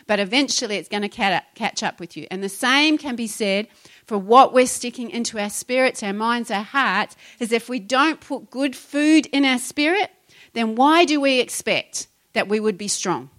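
A woman's voice: on the high side, normal speed, a bit bright. A middle-aged woman preaching a sermon, exhorting her congregation with rhetorical questions. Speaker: pastor.

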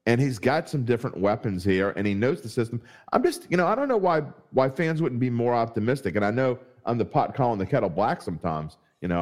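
A man hosting a sports podcast in casual chat, joking about himself and greeting viewers. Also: medium pitch. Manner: jokey, self-mocking, greets viewers. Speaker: podcast host.

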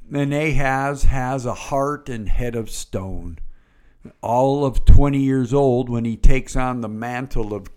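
Male pastor, unhurried storytelling sermon with playful asides. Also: medium pitch.

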